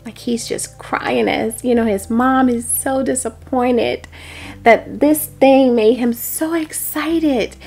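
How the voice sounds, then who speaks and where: A woman hosting a devotional prophetic message, speaking earnestly and dropping into soft, whispered prayer. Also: on the high side, takes it slowly, husky, faint music behind. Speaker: host and prophetic teacher.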